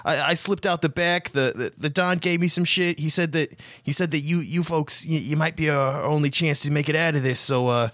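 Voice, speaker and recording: A man's voice: fairly high pitch, fairly even intonation, moderate pace, hardly any pauses, a bit bright, dry recording, clean studio sound, voice pushed up, close to an everyday voice. A man voicing a frantic, foul-mouthed male gangster errand man who stammers and swears. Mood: panicked.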